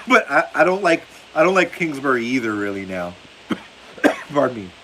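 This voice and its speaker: A man's voice: mid-range voice, sing-song, normal speed, pushed and bright, low-quality recording. A man hosting a football livestream in casual chat, reading viewer comments aloud and laughing often. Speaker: livestream host. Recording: faint hiss behind the voice.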